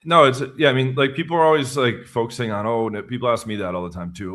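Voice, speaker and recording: A man's voice: medium pitch, fast talker, fairly bright tone. A man guesting on a live dating-advice stream, talking loosely and conversationally and often trailing off mid-sentence. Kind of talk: casual live-stream chat.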